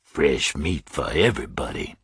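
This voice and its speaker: A man voicing a huge, menacing male prison gang bully in an audiobook, talking in a low, quiet, taunting drawl. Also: lively intonation, normal speed, husky, no room sound, studio quality, heavily acted. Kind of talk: audiobook character voice.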